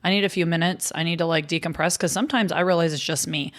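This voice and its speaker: Female podcast host, lowish voice, frank and profane, explanatory. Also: fast. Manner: blunt, swears casually, explains. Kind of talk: frank conversational podcast talk.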